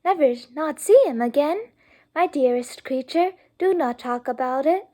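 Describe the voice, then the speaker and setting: Gushing young lady voiced by a woman, breathless exclamations, high voice, mellow tone. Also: normal speed, lightly acted.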